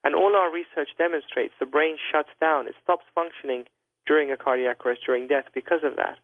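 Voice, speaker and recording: A man's voice: on the high side, no echo. Man explaining over a tinny phone line. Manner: measured, hedging, with many fillers. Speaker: guest doctor on a call-in radio show.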